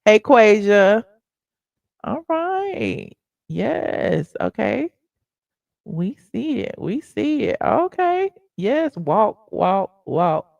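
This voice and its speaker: Gravelly-voiced woman gossip host. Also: a little high, big pitch swings, drawn-out words, a little mellow, no room sound, muffled recording. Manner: chatty, reacts to clips, says "honey" and "okay". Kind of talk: casual live commentary over clips.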